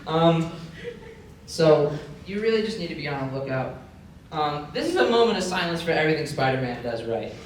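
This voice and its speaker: This convention comedy panel is hosted by a young man whose fairly high voice moves at a normal speed. He plays it deadpan and mock-conspiratorial, rambling with many fillers, and a room mic records him from a distance in a noisy, strongly reverberant hall.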